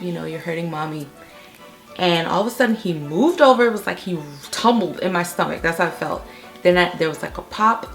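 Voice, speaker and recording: A young woman in her living room, telling a story in a chatty, animated way and often checking in with "okay?". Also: lowish voice. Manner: chatty, animated retelling with frequent "okay?" asides. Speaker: vlogger. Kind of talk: storytime vlog. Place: home living room, on a couch.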